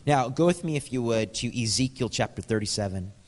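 A man from Canada preaching a sermon, telling stories with lively, animated quoted dialogue. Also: medium pitch, brisk, in a large hall.

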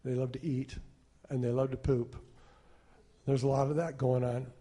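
A male pastor preaching a sermon, telling stories and shifting between loud emphasis and quiet asides. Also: mid-range voice, little pitch movement, normal speed, husky.

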